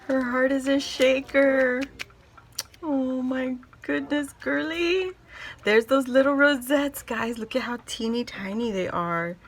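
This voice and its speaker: A woman, middle-aged, chatting casually to camera as a craft vlogger, gushing and excitable as she shows off things. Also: medium pitch. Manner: gushing, excitable, squeals with delight. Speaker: craft vlogger unboxing happy mail.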